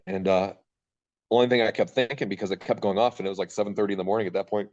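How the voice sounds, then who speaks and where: A man with a low voice rushes through a candid personal story as a podcast guest. He rambles and swears freely. The recording sounds dull and lo-fi. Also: steady tone, darkish tone.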